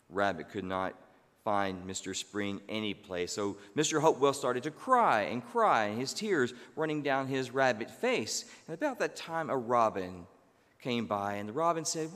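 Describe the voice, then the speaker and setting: Slow-paced preacher telling a story. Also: male voice, mid-range voice, lively intonation. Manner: slow, gentle storytelling with pauses. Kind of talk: sermon storytelling. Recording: long hall reverb.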